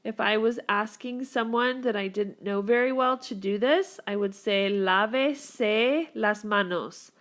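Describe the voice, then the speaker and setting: A woman's voice: medium pitch, fairly bright tone. A woman teacher recording a whiteboard grammar lesson for her students, upbeat and encouraging as she walks them through the rules. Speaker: Spanish teacher.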